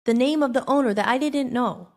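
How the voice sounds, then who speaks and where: A woman hosting a podcast, telling a personal story in a rambling, animated way, acting out the dialogue. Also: sits high, fairly quick. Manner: rambling, animated, acts out quoted dialogue with filler "like". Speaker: podcast host.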